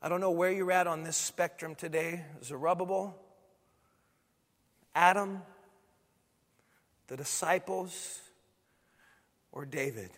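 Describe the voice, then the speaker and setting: A man's voice: high voice, slow, long pauses, a bit bright, in a large hall. A male pastor preaching a sermon, building to emphatic, repeated declarations. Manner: preaching with swelling intensity, emphatic repetition.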